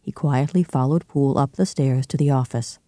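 Steady audiobook narrator, male, with a warm tone and a dry booth sound. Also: medium pitch, normal speed, no echo. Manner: clear, steady storytelling. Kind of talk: scripted narration.

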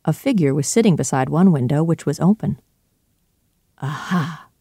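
A narrator reading a storybook in a calm, measured way. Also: mid-range voice, creaky, slightly rough, no echo, clean studio sound.

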